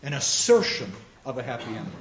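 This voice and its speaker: Animated man lecturing in a roomy hall. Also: mid-range voice, a little fast. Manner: animated, acts out quotes, frequent restarts. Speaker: lecturer on drama. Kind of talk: lecture with audience questions. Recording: dull roomy lecture recording.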